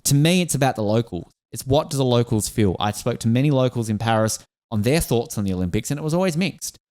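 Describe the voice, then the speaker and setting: Australian male podcast host, fast and eager, emotional, lots of restarts. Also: medium pitch, animated, a little mellow. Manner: enthusiastic, emotional, many restarts. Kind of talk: casual podcast chat.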